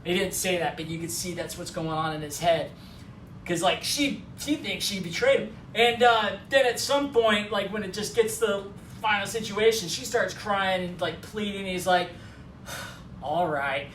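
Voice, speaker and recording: Man, animated film recap, acts out the quotes, roomy echo, far from the mic. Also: high-pitched, normal speed, slight background noise. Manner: animated retelling, acting out quotes. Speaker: co-host.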